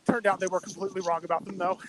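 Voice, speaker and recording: A winded man joining a casual chat from the gym, making quick, offhand remarks. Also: high voice, flat delivery, crowd noise. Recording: noisy gym in the background. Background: gym noise and people.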